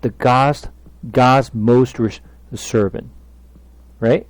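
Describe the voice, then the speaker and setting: A man's voice: medium pitch, extremely slow, long pauses, no room sound. A man leading a Bible study, speaking emphatically and asking his listeners questions.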